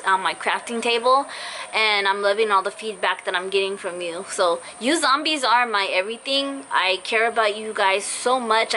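A woman's voice: mid-range voice, pushed and bright, slight background noise, low-quality recording. A young woman talking casually and earnestly to her viewers, apologizing and rambling with fillers, her voice cutting in and out after being sick. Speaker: vlogger. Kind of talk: casual heartfelt vlog talk to viewers. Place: in a car.

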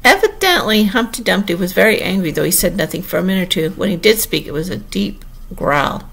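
Gravelly-voiced woman reading a storybook. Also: on the low side, animated, brisk, a bit bright. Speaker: audiobook reader. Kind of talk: audiobook narration.

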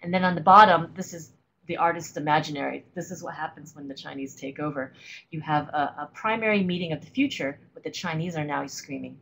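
A woman presenting a webinar lecture, explaining images at an unhurried pace with frequent ums and uhs. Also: low voice, gravelly, a bit bright, a little hiss or hum, low-quality recording. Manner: hesitant, many ums and uhs. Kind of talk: lecture on political cartoons.

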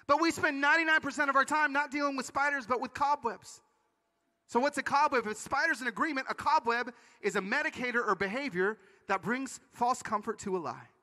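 A man's voice: extremely high pitch, a little fast, bright, forceful tone. A man giving a sermon-style conference talk, telling stories energetically with playful asides, in a large hall. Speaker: conference speaker. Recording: long reverb of a large hall.

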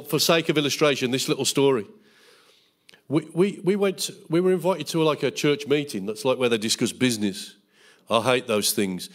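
A middle-aged man preaching a Bible school sermon as pastor, fervent, with tag questions and jokes. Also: medium pitch.

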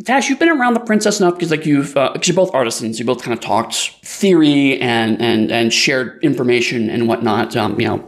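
A man's voice: mid-range voice, brisk, hardly any pauses. A man running a tabletop game as game master, narrating scenes and slipping into characters' voices. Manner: animated, voices many characters, frequent fillers.

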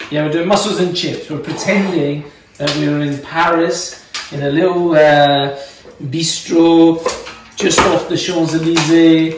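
A Scottish chef gives a casual cooking demonstration in his home kitchen, teaching playfully and joking with his kids. His voice is fairly high. The background is noisy, with clattering pans, room echo and a far-off mic.

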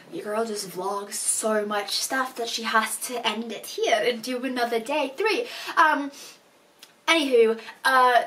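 A woman's voice: fairly high pitch, fairly bright tone, far from the mic, a little hiss or hum. A woman chatting casually to camera in a vlog, bubbly and laughing at herself. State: out of breath. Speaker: vlogger.

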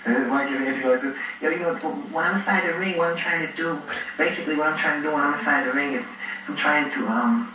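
A man doing a comic impression of a soft-spoken, lisping heavyweight boxer, played back from an old talk-show clip. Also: a little high, quick pace, natural voice. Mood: deadpan. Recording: distant, echoey TV clip with noise.

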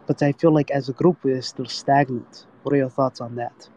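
A man's voice: medium pitch, fairly even intonation, a little fast, mellow. A man from Eastern Europe calling in to a live chat, speaking hesitantly with many fillers. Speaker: caller. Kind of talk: casual call-in chat. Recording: dull lo-fi phone line.

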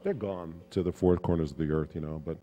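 A man with a low, dark, mellow voice tells stories at a fan convention Q&A. He rambles a little, chuckles, and fills gaps with "um" and "you know." He speaks into a handheld mic in a panel room. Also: a little fast, long reverb tail. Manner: relaxed, chuckling, rambling with fillers. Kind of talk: anecdotal storytelling at a Q&A.

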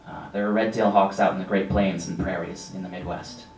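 A man giving a casual slideshow lecture about nature, relaxed and rambling with frequent ums and asides. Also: deep voice, brisk, a little hiss or hum. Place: lecture room with an audience. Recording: echoey room from a distance.

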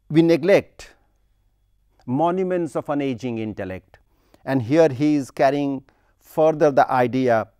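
A man giving a university lecture on a poem, slow and deliberate, stopping to recite lines of verse with heavy emphasis. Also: mid-range voice, dark tone, no room sound, clean studio sound. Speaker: literature lecturer.

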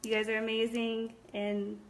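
Her voice sits on the high side and stays monotone at a moderate pace. As host of a nail product shop's casual live stream, this young woman reads out viewer comments, sounding chatty and upbeat and using lots of fillers.

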